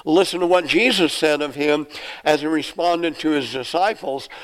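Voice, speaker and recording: A man preaching a sermon with a somewhat high voice. He reads scripture aloud and then explains it verse by verse. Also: normal speed, fairly bright tone, rough recording. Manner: acts out the questioners' lines in a raised voice. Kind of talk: expository sermon.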